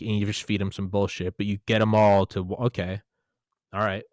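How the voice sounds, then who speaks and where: Low-voiced American podcast host, dry. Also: male voice, little pitch movement, a little fast, no room sound. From United States. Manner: swearing, rambling, jokey. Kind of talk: casual podcast chat.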